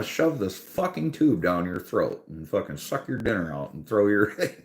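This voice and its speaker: A man's voice: lowish voice, big pitch swings, moderate pace, few pauses. A man telling a profane, exasperated story on a casual podcast, laughing often as he goes. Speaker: podcast host.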